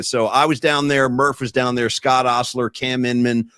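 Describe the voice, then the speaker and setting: A man hosting a podcast, telling stories in an animated, emphatic way over casual chat. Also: mid-range voice, moderate pace, hardly any pauses, no room sound, studio quality. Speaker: podcast host.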